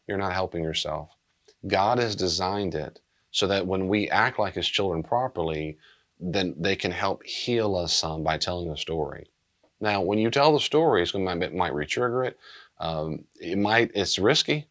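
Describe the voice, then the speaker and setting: Deep-voiced man giving pastoral advice. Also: expressive, normal speed. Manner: earnest and gentle, repeats key phrases. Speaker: pastor and counselor. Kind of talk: pastoral teaching talk.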